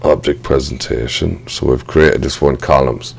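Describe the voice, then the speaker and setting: A man giving a casual screen-recorded software tutorial, thinking aloud and apologizing for small slips. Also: a bass voice, moderate pace, creaky, slightly rough.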